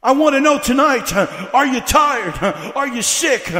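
A man's voice: very high voice, expressive, measured pace, sharp tone. A male evangelist preaching a fiery revival sermon, breaking his lines with "uh" and building by repeating the same questions. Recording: echoey hall.

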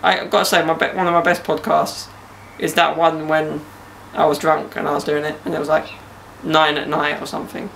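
A man's voice: a little high, monotone, brisk, creaky, hardly any pauses, a bit bright, a little hiss or hum. A young man hosting a casual podcast outdoors in a garden, bantering and joking with slang. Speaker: podcast host.

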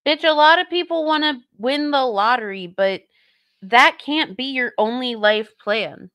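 A woman's voice: high voice, unhurried, a bit bright, clean tone, dry recording. A woman streamer giving casual commentary on clips and reading chat, sarcastic, blunt and mocking.

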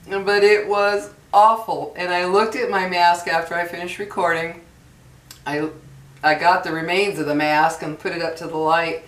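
A woman chatting casually to camera in a product review vlog, folksy and drawn-out on her emphasis. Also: sits low, fairly bright tone. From New Mexico. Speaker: beauty vlogger. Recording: echoey room, far from mic.

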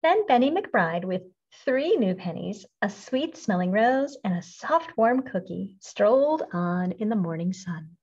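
A woman reads a children's picture book aloud in a singsong, expressive way. Her pitch swings widely and her voice is husky. The recording sounds dull and lo-fi. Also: measured pace, hardly any pauses. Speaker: storybook reader.

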